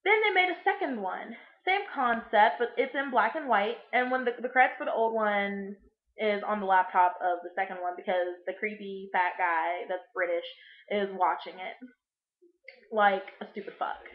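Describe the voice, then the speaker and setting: A woman's voice: medium pitch, normal speed. A young woman recapping a movie in a casual vlog, crude and sarcastic, rambling with lots of fillers. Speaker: vlogger. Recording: echoey room, muffled lo-fi sound.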